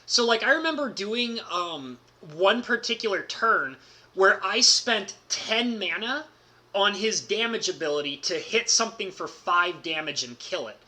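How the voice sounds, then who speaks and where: A man with a strikingly bright, forward voice tells a casual story as a streamer. He talks excitably and leans heavily on "like" fillers, laughing as he goes. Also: high-pitched, a little slow. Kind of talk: casual storytelling about a card game.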